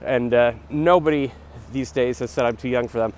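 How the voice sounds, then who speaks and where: A man's voice: medium pitch, normal speed, darkish tone. A man in his forties rambling casually into his phone while jogging along a city street, with chatty, self-deprecating asides. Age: 40s. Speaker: vlogger. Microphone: phone camera held while jogging. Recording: faint street noise outdoors.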